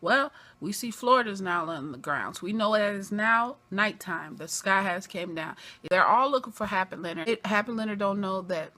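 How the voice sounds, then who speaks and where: A woman giving an animated recap of a TV episode, acting out the characters' lines in quoted voices as she goes. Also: medium pitch, normal speed, few pauses. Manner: acts out scenes in quoted voices. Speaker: TV episode reviewer.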